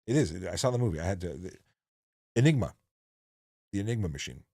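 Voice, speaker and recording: A man's voice: sits low, very animated, a little fast, vocal fry, mellow, dry recording, clean studio sound. A man, a former police officer, hosting a casual livestream chat, telling dad jokes and rambling with lots of restarts. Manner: jokey, rambling with many restarts.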